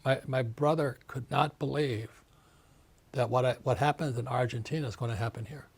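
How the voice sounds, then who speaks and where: A man's voice: medium pitch, normal speed, vocal fry, slightly rough. An older man in his seventies, an author being interviewed, speaking emphatically in a ranting way. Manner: emphatic, ranting, acts out quoted voices. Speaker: author and guest.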